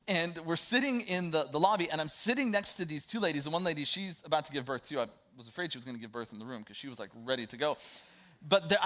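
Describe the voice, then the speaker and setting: High-voiced man preaching. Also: fairly bright tone. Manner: conversational preaching with fillers and storytelling asides. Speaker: pastor. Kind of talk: sermon.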